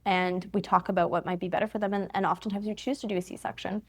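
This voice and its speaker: Woman, thirties, physician guest; brisk, explanatory, easy laugh. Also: mid-range voice, steady tone, husky. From Canada. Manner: explanatory, fast, laughs easily. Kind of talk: interview conversation.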